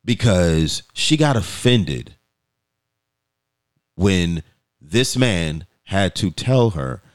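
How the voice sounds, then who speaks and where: A man's voice: sits low, lively intonation, drawn-out words, pauses often. A man co-hosting a podcast, telling stories in a casual, profane way and acting out quoted voices. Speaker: podcast co-host.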